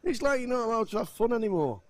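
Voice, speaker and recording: A man co-commentating live poker, agreeable and quick with short replies. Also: extremely high pitch, very animated, no echo.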